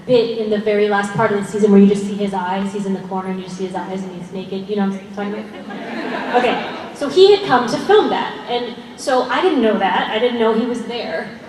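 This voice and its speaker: An actress at a fan convention panel, speaking earnestly and passionately with frequent laughs. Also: female voice, medium pitch, brisk, background noise. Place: large convention hall. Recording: echoey hall, voice far off, faint crowd ambience.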